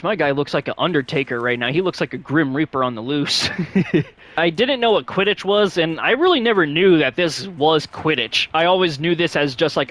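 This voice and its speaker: A man hosting a gaming vlog in loose, casual chat. His voice sits a little high and keeps leaping upward mid-thought, padded with fillers as he rambles along. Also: a bit bright, no room sound. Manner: rambling, many fillers, sudden upward pitch jumps. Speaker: gaming channel host.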